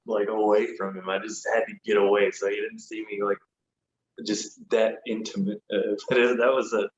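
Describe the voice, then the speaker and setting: Animated, swearing ex-wrestler man in a roomy room. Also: on the low side, moderate pace. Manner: animated, swears freely, lots of "like". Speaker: guest, former pro wrestler. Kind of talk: casual podcast storytelling. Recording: roomy, dull lo-fi sound with faint noise.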